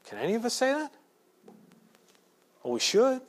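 A pastor preaching a sermon to his church, shifting from quiet asides to loud, emphatic points. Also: extremely high pitch, huge pitch swings, moderate pace. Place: church sanctuary.

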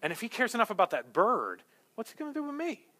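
A pastor delivers a sermon in a man's high, bright voice. He talks in a conversational, animated way and builds to emphatic peaks. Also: fast.

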